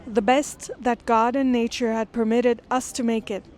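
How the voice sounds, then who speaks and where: A woman reading a classic text aloud and pausing to explain it. She speaks in an earnest, thoughtful way. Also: on the high side, level tone, a little mellow. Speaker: literature lecturer. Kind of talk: reading aloud with close-reading commentary.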